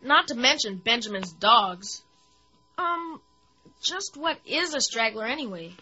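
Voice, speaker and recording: A woman voicing a spirited, wisecracking young boy in a radio drama, quick to protest. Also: fairly high pitch, expressive, pushed and bright, slightly rough, dry recording, heavily acted. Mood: curious. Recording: dull lo-fi audio with music.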